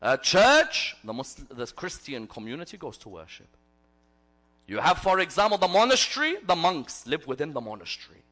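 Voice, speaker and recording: A man giving a religious sermon in a gathering hall, telling stories dramatically and swinging between loud declarations and hushed asides. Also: on the high side, big pitch swings, normal speed. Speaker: preacher.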